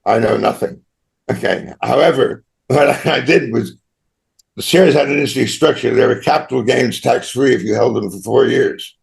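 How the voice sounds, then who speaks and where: An older Australian man, a guest in a storytelling interview, tells long rambling anecdotes and often tags his points with "right?". His mid-range voice has vocal fry and moves at a normal speed.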